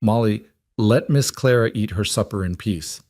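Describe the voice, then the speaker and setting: Plain-spoken frontier father, read by a man; firm, gentle, low voice, dry. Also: normal speed, no room sound, lightly acted. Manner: firm but gentle, matter-of-fact.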